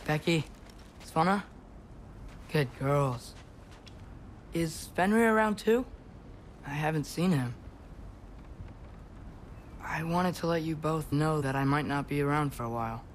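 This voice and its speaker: A young man voicing Atreus, a gentle teenage boy. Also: on the high side, unhurried, pauses often, slight background noise, lightly acted. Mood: tender. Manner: gentle, soothing, playful with animals. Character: earnest teenage boy, Kratos's son. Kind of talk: video game dialogue.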